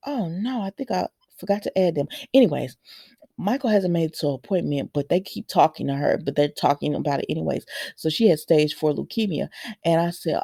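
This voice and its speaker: A woman with a lowish voice chats to her viewers as she recaps a soap episode. She retells scenes by quoting the characters and scolds them in opinionated asides. Her voice sounds close and dry. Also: lively intonation, normal speed, creaky, warm tone, no room sound. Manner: chatty, addresses viewers directly, retells scenes with quoted lines. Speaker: soap opera recap host. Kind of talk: casual recap chat.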